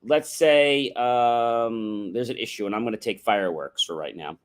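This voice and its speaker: This is a man speaking at an ordinary mid-range pitch, delivering a motivational talk on a livestream. His manner is instructive, built on contrasts and examples. He checks in with the audience through rhetorical questions. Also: moderate pace. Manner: instructive, contrasts yes-no questions with open ones; rhetorical, often adds "right?". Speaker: livestream host. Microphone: livestream microphone.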